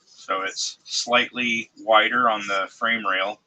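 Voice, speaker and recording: A man with a cold streaming live, speaking congested and halting, with many fillers and restarts as he shows model parts to chat. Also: lowish voice, fairly even intonation, bright, forceful tone, rough recording. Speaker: streamer showing 3D-printed model car parts. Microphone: desk mic, close.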